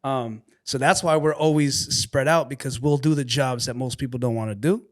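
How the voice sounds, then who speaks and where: A Canadian-raised man, a guest comedian, chatting and telling animated stories on a podcast. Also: medium pitch, normal speed. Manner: animated storyteller, slips into mock accents. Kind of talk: casual podcast chat.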